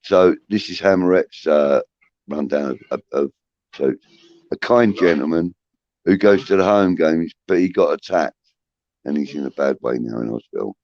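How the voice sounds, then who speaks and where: A man's voice: extremely low pitch, moderate pace, creaky, a little mellow, no room sound, highs cut off. A man hosting a casual livestream, rambling with many restarts and swearing, reading out chat comments. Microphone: phone.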